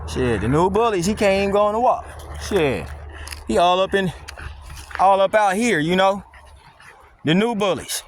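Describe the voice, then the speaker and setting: A man with a high voice delivers a blunt, mocking, slang-heavy rant while walking outdoors. He records on a handheld phone, and faint wind and outdoor noise sit behind his voice. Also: animated, normal speed, long pauses. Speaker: dog vlogger. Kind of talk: casual walking vlog monologue. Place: outdoors on a windy wooded walk.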